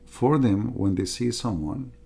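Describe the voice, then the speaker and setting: A man's voice: mid-range voice, unhurried, gravelly, warm tone, slightly rough. A middle-aged man giving an emphatic, repetitive livestream monologue as a religious debater, in non-native grammar.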